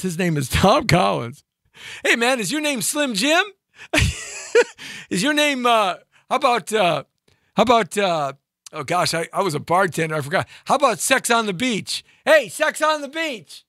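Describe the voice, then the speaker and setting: Animated, joking, high-voiced male host. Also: vocal fry, dry recording, clean studio sound. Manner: rambling, joking, laughs at his own gags. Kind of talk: live show chat.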